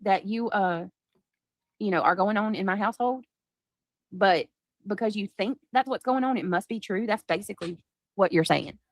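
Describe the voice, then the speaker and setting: Woman streamer, blunt and sarcastic, dry close mic, mid pitch, ready to argue. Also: moderate pace, long pauses, no echo. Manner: blunt, sarcastic, swears freely. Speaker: livestreamer. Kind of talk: heated livestream argument.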